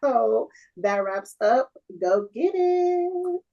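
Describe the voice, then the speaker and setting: A woman's voice: sits high, big pitch swings, extremely slow, vocal fry, mellow, muffled recording. A woman co-hosting a podcast in casual chat, laid-back and joking. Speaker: podcast co-host.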